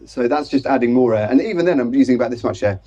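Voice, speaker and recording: A man hosting a live show on stage, chatting quickly and explaining with demonstrations. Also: mid-range voice, lively intonation, warm tone, highs cut off, faint music behind. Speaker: podcast host and trumpeter. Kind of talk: live conversational interview. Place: stage before a live audience.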